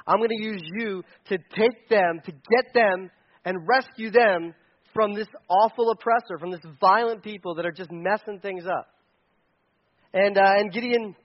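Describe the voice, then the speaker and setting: A man preaching a casual sermon, retelling a story with lively acted-out lines and jokes. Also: high voice, a little slow, lo-fi sound. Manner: animated, acts out characters' lines with jokes and laughs.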